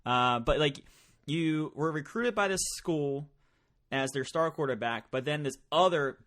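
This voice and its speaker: A man's voice: a little high, a little slow. Swearing, laughing podcast host, man. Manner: profane, laughing, animated storytelling. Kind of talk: casual chat.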